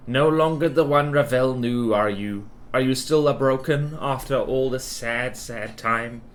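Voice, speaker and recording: A cryptic, mournful old hag, voiced by a man reading her lines, in a slow, drawling delivery. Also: mid-range voice, close to an everyday voice.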